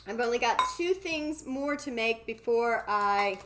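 A woman's voice: on the high side, expressive, a little slow, heavy background noise. Playful chatty woman cooking live. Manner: playful, rambling, laughs at own jokes. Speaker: cooking show host. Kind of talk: casual live cooking chat.

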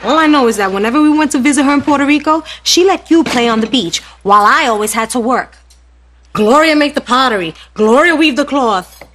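A sharp-tongued mother in sitcom banter with her sister, her voice high and lively. The TV soundtrack carries clear background noise. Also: fairly quick. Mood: joking. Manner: dry, joking sibling banter. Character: teasing grown woman, sisterly bickering mother. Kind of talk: sitcom acting.

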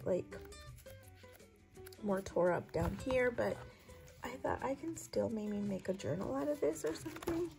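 A woman with a hoarse voice from a lingering cough, gushing chattily over her thrift haul in a casual vlog. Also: fairly high pitch, warm tone, rough recording. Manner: gushing, chatty, lots of "so pretty".

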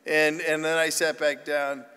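A man's voice: on the high side, flat delivery, a little slow, sharp tone, clear, resonant tone, in a large hall. A man, a priest, giving a humorous, chatty sermon with a self-deprecating streak and frequent restarts. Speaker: priest giving a parish mission talk. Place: church.

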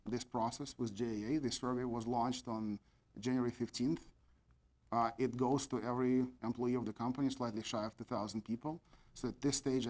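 This is a man walking a board through a formal business presentation. His voice sits at an ordinary middle pitch, and he is methodical, leaning on key words and filling pauses with "uh". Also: a little mellow. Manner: methodical, stresses key words, frequent fillers.

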